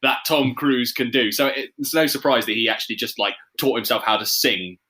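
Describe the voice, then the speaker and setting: A man co-hosting a casual film podcast, with dry, sarcastic asides. His voice is bright and tense, with a mid-range pitch. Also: brisk. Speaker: podcast co-host.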